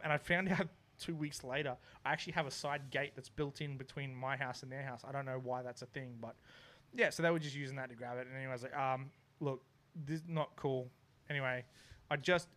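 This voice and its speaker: Speaking at medium pitch with a slightly bright tone, a young man shares a funny casual anecdote, doing impressions of his neighbours amid laughter.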